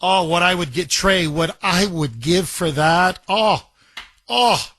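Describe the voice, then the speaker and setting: A man hosting a call-in talk radio show, talking in an excitable, rambling and emphatic way. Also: high voice, slow. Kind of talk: talk radio, taking calls. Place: radio studio. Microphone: studio microphone.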